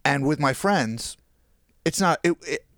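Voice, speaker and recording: Low-key man in a dry, close recording. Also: animated, measured pace, gravelly, a bit bright, no echo. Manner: low-key, teasing, trails off with fillers when he reminisces. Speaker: podcast co-host. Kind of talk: casual storytelling chat.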